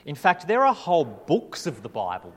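A man preaching a sermon in a church hall, his voice sitting slightly high and swinging widely up and down. He talks emphatically and leans on rhetorical questions. Every word trails off into a long hall reverb. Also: wildly swooping pitch, normal speed, a bit bright, husky. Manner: emphatic, rising and falling delivery with rhetorical questions. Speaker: pastor.

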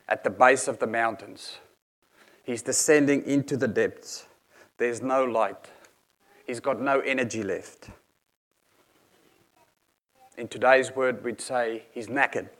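A man's voice: medium pitch, a bit bright. A man preaching a sermon in an earnest, explanatory manner, reading scripture aloud and unpacking each verse.

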